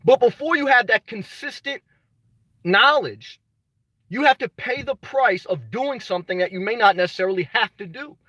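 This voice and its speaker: A man's voice: extremely high pitch, moderate pace, sharp tone, no room sound, poor audio. A man hosting a motivational livestream. He talks emphatically, repeats his key phrases, calls viewers brother and swears casually. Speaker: livestream host reading viewer comments.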